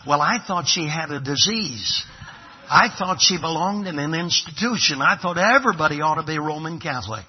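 A man's voice: fairly high pitch, lively intonation, normal speed, muffled recording. A man from Brooklyn preaching a sermon, dramatic and emphatic, acting out little scenes. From Brooklyn, New York. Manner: emphatic, dramatic pulpit delivery with acted-out dialogue.

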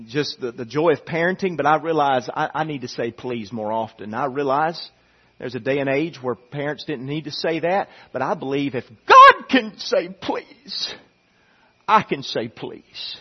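A male pastor preaching a sermon, swinging from loud pleading to hushed intensity and often repeating and restarting his phrases. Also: mid-range voice, expressive, moderate pace, breathy edge, lo-fi sound.

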